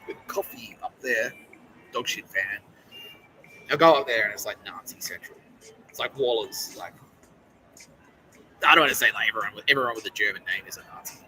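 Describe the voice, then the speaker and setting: A man's voice: on the low side, fast, long pauses, bright, forceful tone, slight background noise, rough recording. A man with an Australian accent hosting a podcast in a rambling, profane, heated monologue. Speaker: podcast host. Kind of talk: casual monologue.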